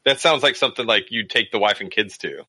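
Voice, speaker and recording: A man recapping a movie in casual podcast chat, rambling with lots of fillers and quick acted-out quotes. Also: fairly low pitch, bright, forceful tone, slightly rough, no room sound. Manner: rambling, many fillers, acts out characters in quick voices. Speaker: podcast co-host.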